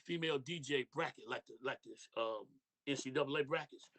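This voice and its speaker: A man's voice: medium pitch, a little fast, fairly bright tone. A middle-aged man from Detroit, a podcast guest in casual interview chat, talking loosely in street slang with lots of "you know what I mean".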